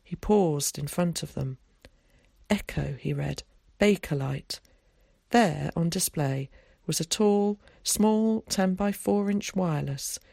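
An audiobook narrator reading scripted narration in a measured, even way at a middling pitch. The sound is dry and close, with no room around the voice. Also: vocal fry, dry recording.

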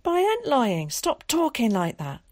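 A woman's voice: high voice, huge pitch swings, a little mellow, no room sound, studio quality, pitched above the performer's own voice, exaggerated voice. A woman voicing an earnest young boy, an evacuee pleading with his mother in a storybook reading. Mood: anxious. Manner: earnest, pleading, quick to explain. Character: cheeky eager young London boy, evacuee.

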